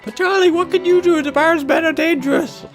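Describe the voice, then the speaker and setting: A man voicing a frightened mother in a very high falsetto for a video game. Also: brisk, soft background music. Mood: pleading. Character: frantic mother in a shrill falsetto.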